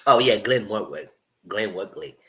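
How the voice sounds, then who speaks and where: A man giving a live recap of a reality show, retelling scenes in an animated way and acting out what the cast said. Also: fairly low pitch, moderate pace, vocal fry. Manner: animated retelling, acts out cast members' lines. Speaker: show reviewer.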